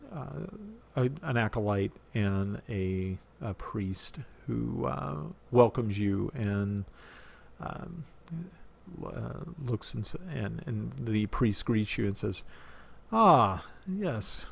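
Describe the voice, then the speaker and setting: A man narrating as dungeon master of a tabletop game, halting often with fillers and restarts. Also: fairly low pitch, vocal fry, a little mellow.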